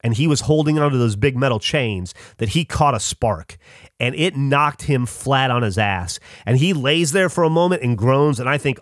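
A man's voice: mid-range voice, animated, moderate pace, no echo. Podcast host guy rambling through a story, swears a lot, mid voice, dry close sound. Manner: rambling, profane, lots of restarts. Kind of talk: casual storytelling.

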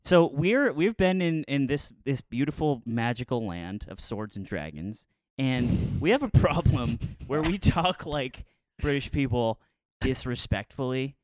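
A man's voice: mid-range voice, very animated, measured pace, darkish tone, dry recording. A man hosting a podcast in casual chat, teasing his friends with profane banter. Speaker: podcast host.

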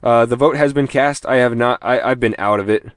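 A man's voice: medium pitch, a little fast, clear, resonant tone, no room sound. Rambling, self-mocking male podcast host. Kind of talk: casual podcast chat.

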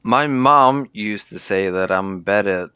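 A man's voice: fairly low pitch, slow pace, bright, forceful tone, clear, resonant tone, dry recording, studio quality. A Swedish man, tipsy, rambling and stumbling over his words in a casual podcast chat over a call. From Sweden. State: drunk. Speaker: podcast co-host. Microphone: remote call mic.

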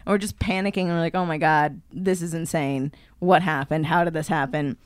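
Animated woman telling a story. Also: deep voice, a little fast, no room sound, clean studio sound. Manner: animated, acts out quotes with many fillers. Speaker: podcast co-host. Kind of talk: casual chat, storytelling.

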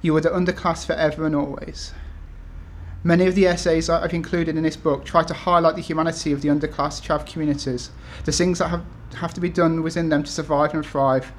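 A man's voice: on the high side, level tone, fairly quick, a little hiss or hum. A man in his thirties from the UK, an author talking to an event audience with many ums and restarts, then reading his essays aloud. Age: 30s.

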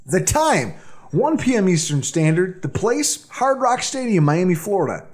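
A man hosting a sports podcast, running through the game preview with animated, dramatic delivery. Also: high-pitched, moderate pace. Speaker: podcast host. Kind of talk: excited sports podcast banter.

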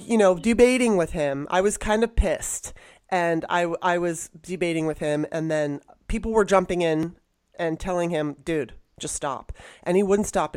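A woman's voice: medium pitch, no room sound. Blunt, fiery woman telling a story. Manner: blunt, animated storytelling with swearing. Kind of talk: casual chat.

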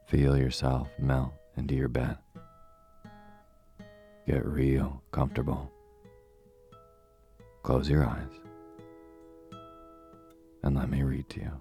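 Very deep, monotone bedtime reader. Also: male voice, vocal fry, faint music behind. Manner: slow, calm and relaxed. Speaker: bedtime story host and narrator. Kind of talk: soothing bedtime story reading.

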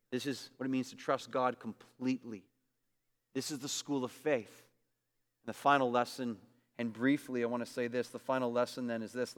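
A pastor preaches a sermon in a mid-range voice, emphatic and repetitive, swinging between loud bursts and quiet asides. A long reverb tail follows his words.

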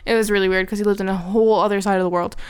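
She's a young woman guesting on a podcast hosted by her fiancé, with a medium-pitched voice, a steady tone, and rapid-fire delivery. She tells a story casually and frankly, swearing and laughing as she goes.

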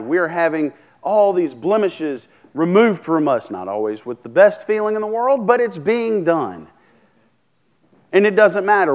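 A man preaching a sermon, talking casually, asking the congregation questions and restarting his sentences. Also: on the high side. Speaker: pastor.

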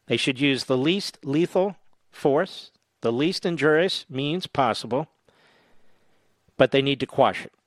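A man's voice: mid-range voice, animated, a little slow, no room sound, studio quality. A man hosting a political talk radio show, speaking in a combative, emphatic monologue.

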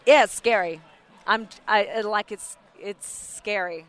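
A woman's voice: medium pitch, a little slow. A chatty woman in her forties with an Australian accent, talking as a guest in a casual interview and rambling with lots of fillers.

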